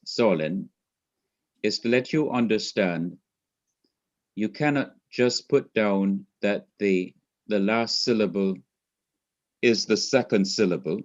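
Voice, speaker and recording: Male teacher, low-ish voice, very slow and methodical, lo-fi sound. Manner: methodical, repeats points and quizzes the student. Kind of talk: class lecture.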